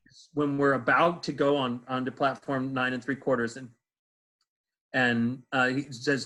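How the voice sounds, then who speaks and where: A man's voice: mid-range voice, little pitch movement, a little slow, sharp tone, rough recording. A man, a stage actor, answering interview questions in a casual, rambling way, full of fillers and restarts, over a video call.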